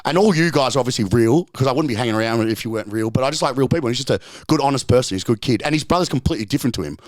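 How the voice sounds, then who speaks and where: A man's voice: medium pitch, expressive, rapid-fire. A man, a podcast guest and strength coach, talking brashly and boastfully in casual chat, joking and swearing freely, right up on the microphone. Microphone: very close to the microphone.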